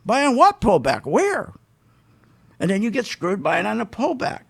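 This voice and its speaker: A male radio host in full rant mode, hammering his points over and over. His voice sits high for a man and carries a rough, gravelly texture. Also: wildly swooping pitch, normal speed. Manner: fired-up, emphatic, repeats himself, mocks others' words. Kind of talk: live call-free market commentary rant.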